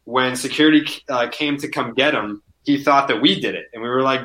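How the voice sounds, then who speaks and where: A man chatting casually as a podcast guest, telling animated stories, swearing freely and saying "like" constantly. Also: medium pitch, a little fast, few pauses. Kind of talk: casual chat, storytelling.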